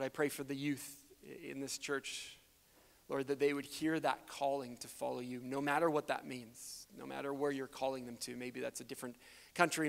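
A man's voice: medium pitch, vocal fry. A man who grew up in Canada, speaking earnestly as a missionary in a church sermon and prayer, building to emphatic peaks. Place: church sanctuary. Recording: preacher in a long-reverb hall.

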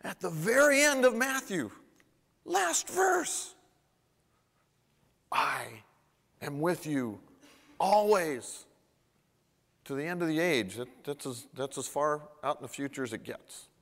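A man preaching a sermon as pastor, animated and emphatic, his intensity rising and falling, with frequent restarts and repetitions. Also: a little high, slow pace, gravelly, long pauses. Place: church. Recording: long reverb of a church hall.

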